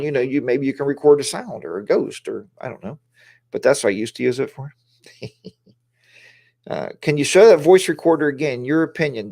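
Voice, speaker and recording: A man's voice: medium pitch, vocal fry, darkish tone. A man hosting a casual livestream, talking in a rambling, chatty way and greeting viewers by name, on a lapel mic in a home studio. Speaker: livestream host.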